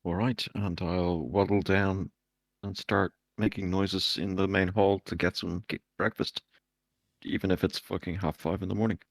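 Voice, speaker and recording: Low-voiced male player, relaxed and casual, dry mic. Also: moderate pace, vocal fry, no room sound. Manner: laid-back, casual. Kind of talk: casual tabletop role-play.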